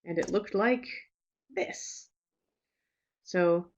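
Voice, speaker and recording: Woman giving a relaxed webinar talk. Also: on the low side, slow. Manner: relaxed, reassuring, with frequent fillers and restarts. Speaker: teacher trainer giving a webinar. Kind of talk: webinar presentation. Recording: slightly dull lo-fi webinar audio.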